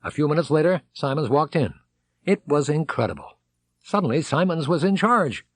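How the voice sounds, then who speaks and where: A man narrates an audiobook in a dry, close studio sound. His pitch sits a little high and ranges widely, giving the reading a lively, dramatic drive. He throws himself into the characters' excited lines. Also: moderate pace, no echo.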